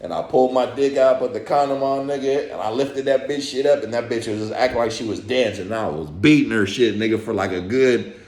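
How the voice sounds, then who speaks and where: A man's voice: medium pitch, a little fast, darkish tone, echoey room. A man telling a story to camera in a casual, slangy, profane way, with lots of swearing. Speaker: storyteller vlogger.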